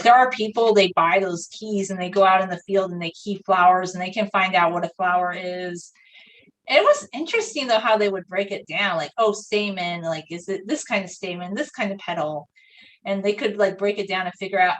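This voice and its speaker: A young woman chatting casually while painting on a live stream, rambling through a story with lots of fillers like "like". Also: medium pitch. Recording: voice a bit far from the mic.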